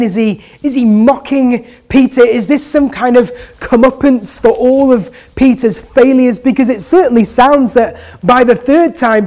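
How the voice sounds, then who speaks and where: A preacher delivering an earnest, gentle sermon and asking the listeners rhetorical questions. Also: mid-range voice.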